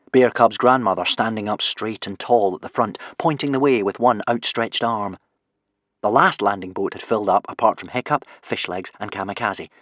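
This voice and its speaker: A man reading a children's adventure audiobook with expressive storytelling. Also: fairly low pitch, dry recording, clean studio sound. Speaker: audiobook narrator. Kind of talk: scripted narration.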